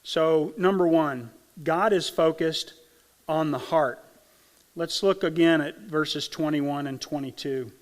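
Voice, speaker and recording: A middle-aged man from Arkansas delivers a sermon in a relaxed, folksy way, often checking in with the congregation. His voice sits a little high for a man. The sound carries a long reverb from the church hall. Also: takes it slowly. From Arkansas, USA. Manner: conversational, folksy, asks the congregation "right?". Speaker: pastor. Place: church sanctuary.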